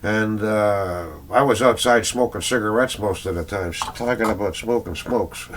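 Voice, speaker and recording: A man's voice: on the low side, a little slow, a little hiss or hum. A middle-aged Canadian man, a record collector, chatting in a rambling casual vlog full of fillers and little chuckles.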